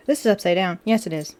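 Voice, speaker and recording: A young woman streamer chatting casually while building a model kit, animated and full of quoted back-and-forth. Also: sits high, husky. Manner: chatty and animated, with frequent laughs and quoted dialogue.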